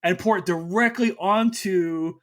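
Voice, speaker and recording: Bright-voiced man joking on a podcast. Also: high-pitched. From Kentucky. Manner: joking, animated, quick asides. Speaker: podcast host, history teacher. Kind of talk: casual podcast chat.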